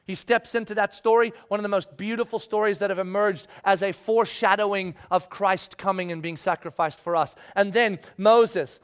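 A man preaching a sermon, acting out Bible voices and swinging from loud pleas to hushed, near-whispered lines. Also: high-pitched, steady tone, normal speed, hardly any pauses, clear, resonant tone. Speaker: pastor.

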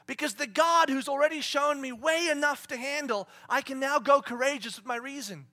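A man preaching a sermon dramatically, swinging from hushed whispers to shouted exclamations and acting out the people in his stories. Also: very high-pitched, moderate pace. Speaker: pastor.

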